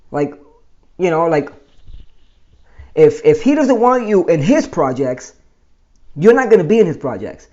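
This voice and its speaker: A man casually telling his own life story as host, animated and explaining step by step. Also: sits high, normal speed, pauses often, highs cut off. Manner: animated, explains with pointing and numbering.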